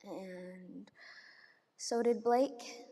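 A young woman performing a dramatic monologue as a grieving young mother, speaking in a hushed, halting way with broken restarts. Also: mid-range voice, fairly even intonation, in a large hall. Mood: hushed recollection. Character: grieving young mother who lost her little son. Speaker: competitive speech performer.

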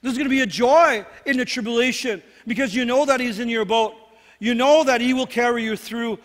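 A man's voice: extremely high pitch, a little fast, fairly bright tone. A man preaching a sermon as pastor, earnest and repetitive, often checking in with "right?". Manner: earnest, repeats phrases, asks "right?" often. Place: church sanctuary. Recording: long hall reverb.

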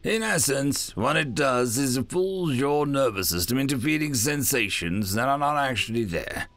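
A man's voice: medium pitch, lively intonation, moderate pace, fairly bright tone, no echo, soft background music, voice pushed up. A man voicing a polite, nervous male alien speaking through a translator, formal and hesitant.

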